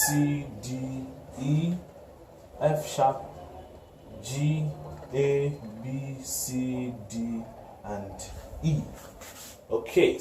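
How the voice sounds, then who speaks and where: A man teaching a music lesson, slowly naming notes and intervals and often correcting himself. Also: mid-range voice, warm tone, distant mic. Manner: slow, repeats note names and corrects himself. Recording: echoey room, voice from off-mic, noisy.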